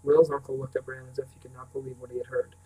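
A man's voice: medium pitch, little pitch movement, fast, warm tone, breathy edge, poor audio. A man reading a novel aloud as narrator, now and then stumbling and restarting words. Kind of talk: audiobook reading.

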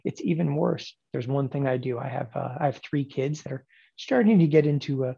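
A man in his forties teaching options trading in a lecture, emphatic and sarcastic, with animated bursts. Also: mid-range voice, brisk, gravelly, slightly rough, dull audio. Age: 40s.

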